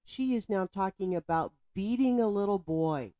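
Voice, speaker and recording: A woman's voice: medium pitch, animated, normal speed, warm tone, dry recording. A woman giving indignant, emphatic commentary on a news story, speaking straight to the viewer. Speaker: political commentator.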